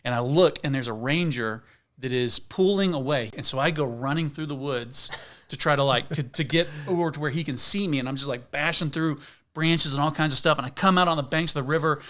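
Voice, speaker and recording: A middle-aged man, a podcast guest, telling an outdoor story in a lively, casual way and acting out the scenes. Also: a little high. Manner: animated storyteller, acts out scenes. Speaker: guest, backpacking video creator.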